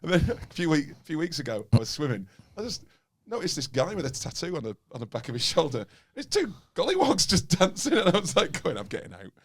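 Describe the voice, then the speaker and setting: A man's voice: on the high side, fast, hardly any pauses, slightly rough. A man with a Liverpool accent, a podcast host and comedian telling stories in a casual chat, laughing often. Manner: storytelling, animated, laughs often.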